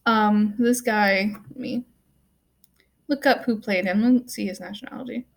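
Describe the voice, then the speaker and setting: A woman's voice: mid-range voice, steady tone, measured pace, creaky. A young woman vlogging a casual movie rant, rambling and full of "like" and "um", offhand and wry. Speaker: student vlogger.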